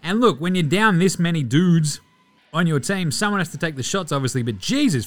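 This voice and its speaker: Australian male podcast host, lively swearing sports rant, fairly high voice. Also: fairly quick, faint music behind. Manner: animated, swearing, mock-outraged.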